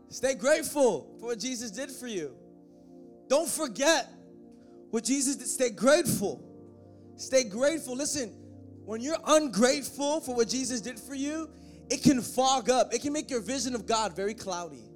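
A man preaching a sermon, joking with the congregation and swelling into shouted, half-sung passages. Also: extremely high pitch, lively intonation, moderate pace. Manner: joking asides to the band and congregation. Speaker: pastor. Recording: faint music behind.

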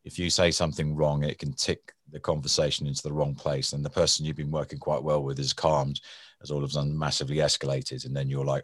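A man with a very deep voice speaks fast in clean studio sound with no room echo. He's a former hostage negotiator, a guest in a conversational interview about negotiation, telling animated stories, often acting out angry people and restarting his words.

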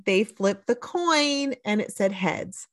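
A woman co-hosting a podcast in casual chat, animated and eager to cut in. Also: medium pitch, slow. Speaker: podcast co-host.

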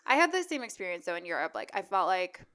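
Woman co-host, lower pitch, smooth clear tone, easy back-and-forth. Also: very animated, fast, sharp tone. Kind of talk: casual chat.

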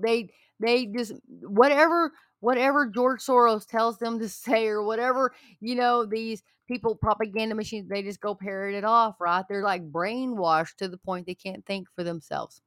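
A woman's voice: lowish voice, clean tone, dry recording. A woman talking straight to her viewers in an angry, heated rant, hammering the same points again and again like a preacher. Her voice sounds close and dry, with no room around it. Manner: heated, preachy, repeats herself.

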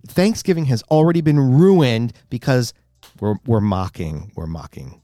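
A man telling a long personal story in casual chat, animated and exasperated, growing indignant as he goes. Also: mid-range voice, a little slow, no room sound, clean studio sound. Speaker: guest storyteller.

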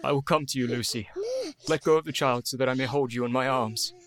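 An actor playing an earnest young doctor in radio drama style. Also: male voice, medium pitch, fast, crowd noise, lightly acted.

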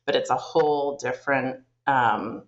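Speaking at a measured pace, the Canadian interviewee has a very deep voice captured in lo-fi sound. She tells stories casually, rambling, full of fillers and false starts.

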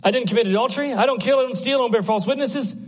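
A man's voice: very fast, highs cut off. A man preaching who voices a self-satisfied rich young man protesting that he has kept every rule. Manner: high, excited, protesting voice.

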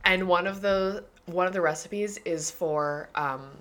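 A woman's voice: on the low side, measured pace, fairly bright tone. A woman co-hosting a podcast, chatting casually and agreeing often. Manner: chatty, lots of agreeing and laughing. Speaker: podcast co-host. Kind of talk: casual chat.

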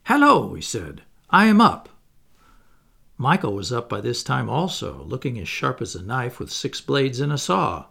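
A male narrator reading a storybook aloud with a gravelly, husky voice. He reads with plenty of expression, and his pitch moves constantly. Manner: expressive, animated. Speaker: audiobook narrator.

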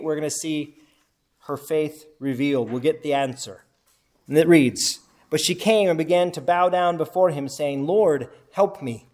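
A slightly high male voice with a darkish tone teaches a Bible lesson to a group. Reading passages of scripture aloud, he questions his listeners and echoes their responses.

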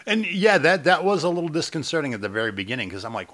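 Man, bright forceful voice, blunt, grumbling, casual movie review chat. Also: fairly high pitch, sing-song, quick pace. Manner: blunt and grumbling, swears freely. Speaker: podcast co-host.

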